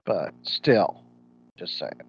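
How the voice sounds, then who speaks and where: A man's voice: low-pitched, big pitch swings, very slow, slightly rough, no room sound. A man with a Midwestern American accent, co-hosting a podcast in casual, opinionated chat. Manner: blunt, opinionated, uses slang like ain't. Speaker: podcast co-host. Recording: dull lo-fi podcast audio.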